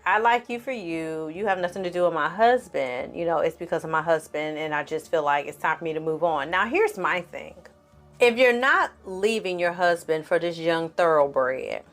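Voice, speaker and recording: A woman hosting a casual TV recap, talking straight to her viewers with slang and cursing and quickly acting out the characters' lines. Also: medium pitch, fairly bright tone. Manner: acts out the characters' lines in quick put-on voices. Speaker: film and TV recap host.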